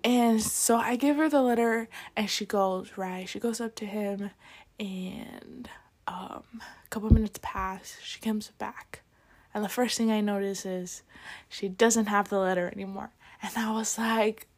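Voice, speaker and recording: A woman's voice: medium pitch, fairly even intonation, measured pace. A young woman vlogging casually, retelling a story with lots of quoted dialogue and filler words.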